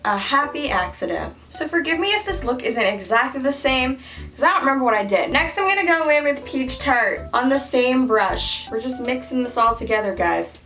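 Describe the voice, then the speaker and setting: Playful high-voiced woman vlogger. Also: a bit bright, far from the mic. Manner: playful, goofy, breaks into silly singing. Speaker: beauty vlogger. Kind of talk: casual makeup tutorial chat.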